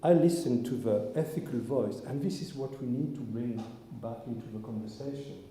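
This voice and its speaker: Rabbi, male, earnest reflective sermon, mellow dark tone, reverberant hall. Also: mid-range voice, normal speed, a little hiss or hum. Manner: earnest, searching, with frequent restarts. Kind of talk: informal sermon talk with the congregation. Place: synagogue hall. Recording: echoey hall, long reverb.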